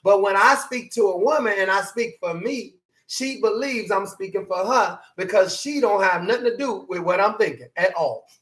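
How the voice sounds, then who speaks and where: Man preaching a sermon, animated, hollering, voice rising high when he pushes a point. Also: moderate pace. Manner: voice climbs high when emphatic. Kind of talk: motivational sermon.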